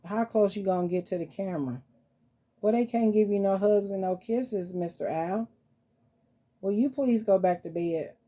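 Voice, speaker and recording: A woman hosting a casual vlog, talking softly and playfully to her dolls as if they were children. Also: medium pitch, normal speed. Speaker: doll collector vlogger. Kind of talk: casual doll-play vlog.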